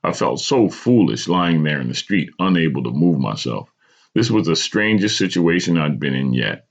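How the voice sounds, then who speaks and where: A man's voice: rumbling low, very animated, normal speed, creaky. A man hosting a podcast, reading a personal story aloud with dramatic storytelling and small stumbles, on a dull lo-fi recording. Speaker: podcast host.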